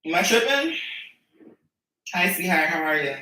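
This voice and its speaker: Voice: mid-range voice, very animated, normal speed, sharp tone. Sassy, rambling streamer in an echoey room. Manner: rambling, sassy and profane, often restarts. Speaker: streamer and musician. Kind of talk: casual chat with viewers. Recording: echoey room, mic at a distance.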